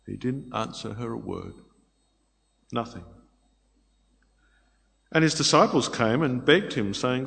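Male preacher, expressive delivery moving between loud pleading and quiet asides, long hall reverb. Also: mid-range voice, slow pace, vocal fry, long pauses. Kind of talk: sermon.

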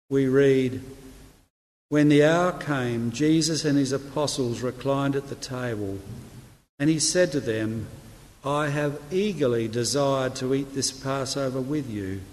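Preacher, New man, unhurried measured sermon delivery, long church-hall reverb. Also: medium pitch. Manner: slow, measured reading with quiet, soft delivery of quoted words. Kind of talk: sermon with scripture reading.

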